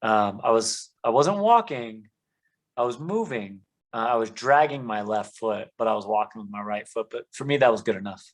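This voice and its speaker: A man tells his life story as a guest on a faith podcast. He speaks earnestly in a somewhat low voice and falls back on "um" and "you know" as he goes. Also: expressive, normal speed, poor audio. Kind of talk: conversational testimony.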